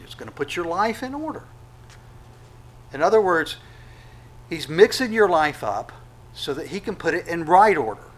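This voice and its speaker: Bright-voiced man preaching a sermon. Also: on the high side, a little hiss or hum, poor audio. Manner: conversational preaching with sudden loud acted-out quotes. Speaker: pastor.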